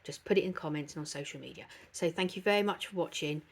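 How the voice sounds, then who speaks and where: A woman's voice: low voice, fast. A woman hosting a dog channel, talking earnestly and from the heart to her viewers, with frequent hesitations. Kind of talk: casual vlog talk to camera.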